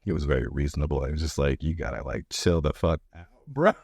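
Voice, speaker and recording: A man co-hosting a podcast in casual chat, laughing often and acting out quoted lines in higher voices. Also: very animated, normal speed, vocal fry, darkish tone, slightly rough, no echo, studio quality. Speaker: podcast co-host.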